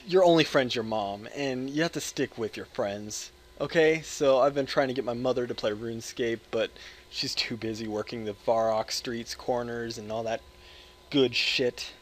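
A man's voice: medium pitch, a bit bright. A man in his twenties with an American accent, hyper and joking, rambling with lots of swearing over his gameplay commentary. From United States. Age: 20s. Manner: hyper, joking, profane, self-interrupting. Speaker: gaming video creator.

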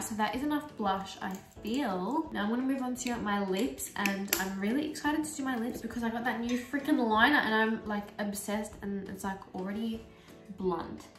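Young Aussie woman, beauty vlogger, chatty and filler-heavy, roomy echo with faint music behind. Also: on the high side. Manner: chatty, full of "like" fillers, lively storytelling. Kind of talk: casual get-ready-with-me chat. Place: small bedroom filming setup. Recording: roomy echo, mic at a distance, soft music.

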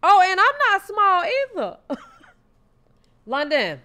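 A woman in casual reaction chat roasts her target in a loud, sassy, mocking way. Her voice is high and bright. She swoops all over her range. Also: big pitch swings, a little slow.

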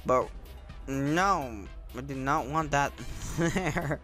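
A young man hosting his own gaming channel, giving excitable, casual commentary over his gameplay, often repeating his exclamations. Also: a little high, extremely slow, faint music behind.

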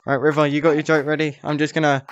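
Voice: mid-range voice, flat delivery, highs cut off. A vlogger in casual game chat, bossy and laughing while directing other players. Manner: bossy, laughing, gives quick instructions.

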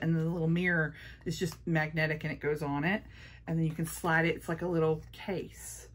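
Gushing, chatty woman, low voice. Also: little pitch movement, a little fast, slight background noise. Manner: gushing, chatty, repeats praise. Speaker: beauty vlogger. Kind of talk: casual makeup haul chat.

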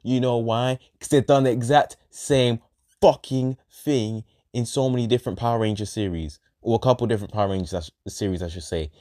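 A man delivers a profane, exasperated rant reviewing a show, circling back to the same complaints. His voice is mellow and warm at an everyday middle pitch. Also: a little fast. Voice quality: exasperated, sweary, repetitive.

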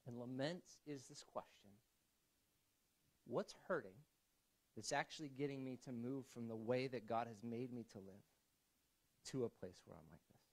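A man's voice: mid-range voice, moderate pace, long pauses, rough recording. Conversational man preaching a sermon. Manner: conversational, restarts often, swings from quiet to emphatic. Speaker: pastor. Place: church.

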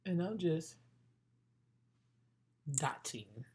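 A beauty vlogger walks her viewers through her makeup routine, chatting playfully and speaking straight to them. Her low, expressive voice is very slow, a little mellow, and slightly rough.

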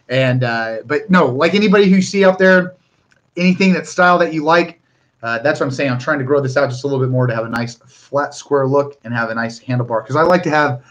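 A young man from Northern California hosting a casual live stream, chatting loosely with viewers and often restarting his sentences. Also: on the high side. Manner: chatty, rambling, with frequent restarts.

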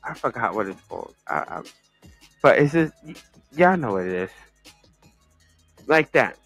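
A man hosting a talk show, reacting to a news story in casual commentary, halting and repeating himself as he exclaims. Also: mid-range voice, very animated, a bit bright, husky, faint music behind. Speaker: podcast host.

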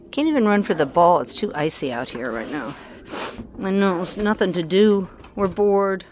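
A woman's voice: lowish voice, animated, normal speed, noisy background. A woman outdoors on a deck, talking fondly to her dog in a casual home video, with asides to the camera. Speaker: dog owner filming her pet. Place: outdoors on a deck in icy weather.

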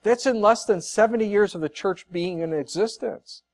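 A man's voice: high-pitched, normal speed. A man preaching a sermon as pastor, earnest and conversational, repeating points for emphasis with casual asides.

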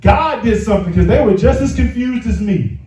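High-voiced male pastor in a roomy hall. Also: moderate pace, distant mic. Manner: animated, chuckling storyteller who acts out dialogue. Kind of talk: sermon with personal storytelling. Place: church sanctuary.

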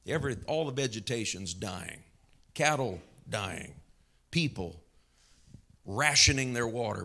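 A man's voice: mid-range voice, creaky, pushed and bright. A male pastor preaching a fervent sermon in church, calling out hallelujahs and laughing between points.

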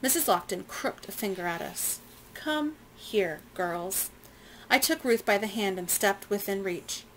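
Teacher reads a chapter aloud to students; plain reading, casual asides, faint noise. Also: female voice, medium pitch, moderate pace, few pauses, poor audio. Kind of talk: reading a novel aloud to a class.

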